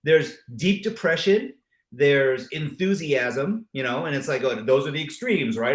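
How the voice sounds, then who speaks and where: A man's voice: a little high, measured pace. Male co-host, reflective, rhetorical, echoey room sound. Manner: reflective, rhetorical questions, animated asides. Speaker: co-host of a live talk show. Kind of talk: casual live chat.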